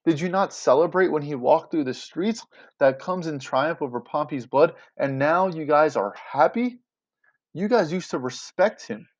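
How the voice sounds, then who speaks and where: A man's voice: on the high side, lively intonation, normal speed, close to an everyday voice. A man voicing an indignant Roman official who angrily scolds a crowd with rhetorical questions, recorded with dull lo-fi audio. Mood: scolding.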